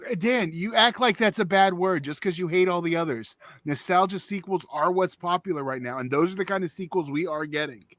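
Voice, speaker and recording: Guy running a movie podcast, slightly high voice, wry, dry close mic. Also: fairly quick, hardly any pauses, fairly bright tone, no echo. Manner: wry, steering the talk. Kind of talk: casual banter.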